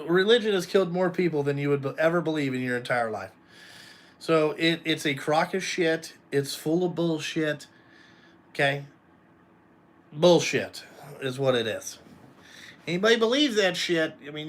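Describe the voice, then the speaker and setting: A man talking bluntly and casually to viewers, swearing often and rambling between topics. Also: a little high. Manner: blunt, profane, rambling, addresses viewers directly. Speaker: trucking company owner and vlogger. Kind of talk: casual live chat.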